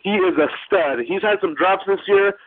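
A man's voice: sits high, normal speed, no room sound. A male caller in a profane, gleeful rant. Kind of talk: recorded fan call-in rant. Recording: tinny phone line.

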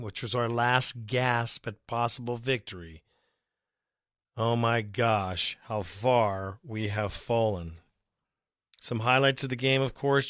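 A man's voice: mid-range voice, a bit bright, clear, resonant tone, dry recording, studio quality. A man hosting a fan podcast, ranting emphatically and with exasperation about his team's coaching. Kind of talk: ranting sports commentary.

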